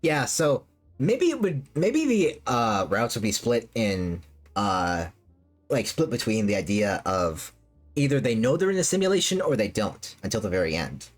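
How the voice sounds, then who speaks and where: A woman's voice: very deep voice, big pitch swings, normal speed. A woman streamer chatting casually with her live chat, rambling and repeating herself with lots of fillers. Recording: faint music behind.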